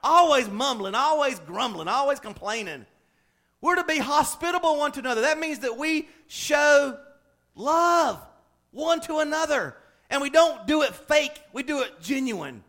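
A man preaching a folksy, lively sermon as pastor, laughing and acting out everyday examples. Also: extremely high pitch, unhurried.

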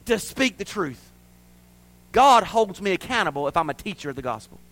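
Bright-voiced man preaching. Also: high voice, big pitch swings, a little fast, no room sound. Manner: impassioned, swings between loud declarations and hushed, quiet stretches; folksy and plainspoken. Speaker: pastor. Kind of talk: sermon.

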